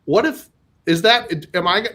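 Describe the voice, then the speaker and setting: A man's voice: sits high, a little slow, pushed and bright. Rambling, self-mocking man doing stand-up. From Minnesota. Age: 40s. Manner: rambling, self-deprecating, with nervous laughs and many fillers. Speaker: stand-up comedian. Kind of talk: stand-up comedy set.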